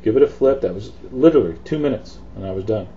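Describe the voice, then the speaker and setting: A man's voice: lowish voice, fast talker, dull audio, a little hiss or hum. A man hosting a cooking demonstration, talking through each step in a chatty, easygoing way. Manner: chatty, relaxed instruction with fillers. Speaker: cooking show host.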